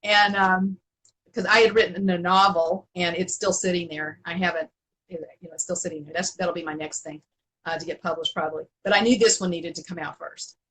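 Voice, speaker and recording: A middle-aged woman telling stories as an interview guest, animated and laughing often, with many restarts. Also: on the low side, fairly quick, husky, poor audio. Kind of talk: casual storytelling in an interview.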